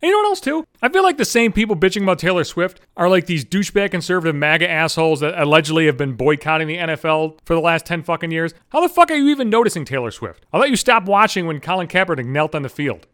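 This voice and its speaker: Fast, animated ranting man. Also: on the high side. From Buffalo area, United States. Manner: profane, ranting. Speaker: podcast host. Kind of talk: solo rant podcast.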